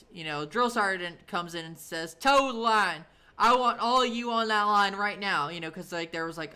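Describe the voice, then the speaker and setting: A woman's voice: low-pitched, sharp tone, smooth. A woman in her thirties streaming from home, telling stories in a chatty, rambling way, full of fillers and casual swearing. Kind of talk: casual storytelling on a live stream.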